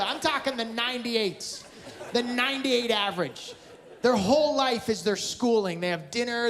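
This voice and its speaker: With a very high-pitched voice, a man from Canada does stand-up in a big live venue where the audience laughs, and background noise is audible. He speaks with a Canadian accent and works the crowd bluntly and sarcastically, teasing them.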